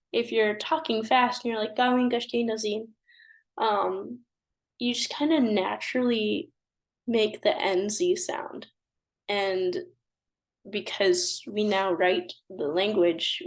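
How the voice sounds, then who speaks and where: Slow, patient woman teaching a language. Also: mid-range voice. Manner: patient, repeats each phrase and translates it. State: stuffy nose. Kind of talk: language lesson, slow repetition drills.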